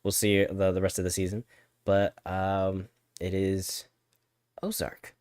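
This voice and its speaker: Low-pitched man, chatty live podcast co-host, stammering restarts, dry sound. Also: monotone, slow pace, darkish tone, clean tone, no room sound. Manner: chatty, stammers and repeats words, reads chat aloud. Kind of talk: casual live-stream chat.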